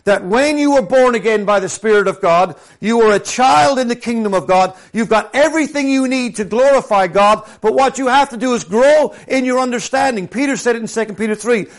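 A man preaching a sermon. He drops to hushed, slow scripture reading and then builds to loud, lively storytelling. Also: extremely high pitch. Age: adult, former professional soccer player.

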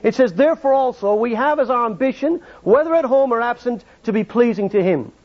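Guy preaching a sermon, pretty high voice, lots of stories and "why?" questions, sounds kinda muffled. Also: lively intonation, fairly quick. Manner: storytelling, rhetorical questions. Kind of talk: evangelistic sermon. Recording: dull lo-fi sermon recording.

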